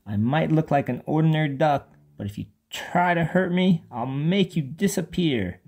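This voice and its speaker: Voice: mid-range voice, lively intonation, normal speed, darkish tone, breathy edge. A storybook narrator voicing a small, brave duck girl who bluffs her way past danger with bold threats. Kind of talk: children's storybook read-aloud.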